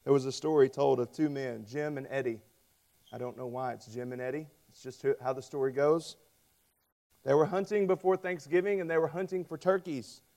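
A man preaching a sermon, telling stories and acting out quoted voices with lively emphasis. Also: medium pitch, a little fast. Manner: storytelling with dramatic voiced quotes; animated, rising loud on emphasis. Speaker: pastor.

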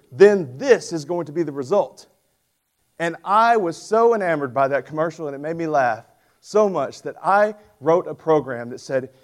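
A man in his forties preaching a sermon as pastor, with animated, emphatic storytelling. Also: fairly high pitch.

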